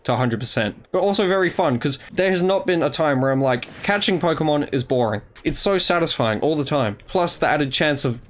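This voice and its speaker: A young man giving chatty, excitable commentary on his own gameplay, talking to the creatures on screen. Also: on the high side, a little fast, few pauses. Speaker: gaming YouTuber. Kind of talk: casual let's-play commentary.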